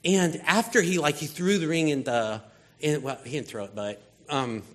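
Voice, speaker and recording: A man's voice: on the high side, normal speed. A man preaching a sermon in a casual, conversational way, acting out voices as he retells stories. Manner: casual, animated storytelling with acted-out voices. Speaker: pastor.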